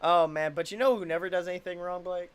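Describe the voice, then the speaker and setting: A man's voice: high-pitched, steady tone, fast talker, clean tone. A young man co-hosting a podcast, telling stories in casual chat, mimicking people, swearing and laughing often. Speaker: podcast co-host.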